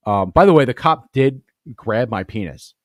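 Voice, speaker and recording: A man's voice: medium pitch, lively intonation, moderate pace, dry recording, clean studio sound. A man hosting a comedy podcast, telling a crude story in a profane, rambling way and laughing at his own jokes. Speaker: podcast host.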